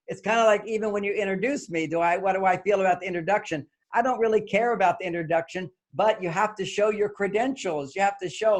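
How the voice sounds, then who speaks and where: High-pitched and quick, with hardly any pauses, an older man speaks as an author guest in an interview. He's animated, explaining his ideas and dramatizing brief exchanges as he goes.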